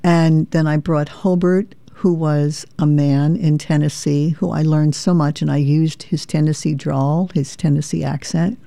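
A woman's voice: deep voice, fairly even intonation, a little slow, vocal fry, few pauses, mellow, no echo. A woman from New York, a memoir author and performer, earnest and reflective, reading from her memoir and chatting as a guest. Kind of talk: reading memoir, then casual interview chat.

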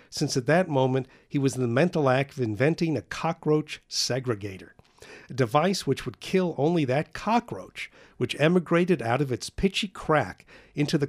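A man reading a novel aloud in a dry, wry way. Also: mid-range voice. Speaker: narrator.

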